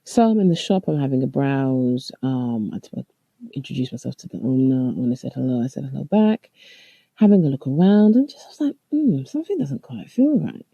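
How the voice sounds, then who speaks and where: A man hosting a travel podcast, recounting a personal story in a reflective, halting way with restarts. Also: mid-range voice, lively intonation, gravelly, warm tone, dry recording, muffled recording. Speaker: podcast host. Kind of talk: storytelling monologue.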